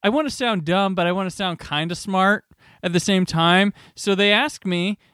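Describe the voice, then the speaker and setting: Animated man telling a story on a podcast. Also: high voice, moderate pace, clean tone, no echo, clean studio sound. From Midwest US. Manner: animated, laughs while telling stories. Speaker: podcast host. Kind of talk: casual storytelling chat.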